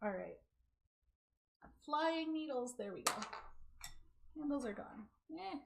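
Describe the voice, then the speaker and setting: A woman hosts a casual live craft show from home, talking straight into her camera with a slightly high voice. She chats, laughs easily and speeds up when she gets excited, then slows down to demonstrate a knitting stitch. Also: vocal fry, background noise. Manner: chatty, laughing, hyper and fast when excited. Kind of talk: casual live-stream chat and knitting demo. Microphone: camera mic.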